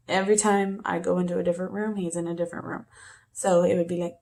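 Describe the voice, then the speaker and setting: A woman's voice: lowish voice, level tone, a little fast, gravelly, pauses often, background noise. A woman teacher chatting informally to her class before a reading, easygoing and friendly in tone. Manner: chatty and informal, with small laughs. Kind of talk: casual talk to a class on video.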